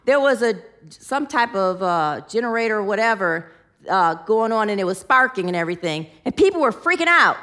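A woman's voice: on the high side, animated, a little fast, sharp tone. A woman teaching a sermon in an earnest manner, leading her listeners in affirmations and telling stories with animation. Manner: earnest, leads the group in affirmations. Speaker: spiritual teacher.

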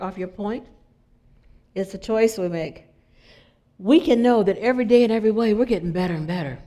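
A middle-aged spiritual speaker delivers an inspirational sermon in a medium-pitched voice. She keeps it conversational, asking her listeners questions and slipping into soft, prayerful asides.

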